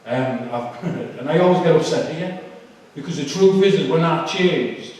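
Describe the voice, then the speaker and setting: Man, emotional testimony with halting delivery and fillers; recorded far off in a big, echoey hall. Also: on the high side, lively intonation, darkish tone. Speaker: speaker giving a testimony. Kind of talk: personal testimony talk.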